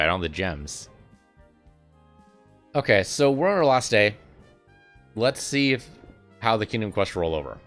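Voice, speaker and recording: A man's voice: fairly low pitch, a bit bright. A man casually commentating his gameplay, musing aloud and chatting about what to do next. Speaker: let's play host.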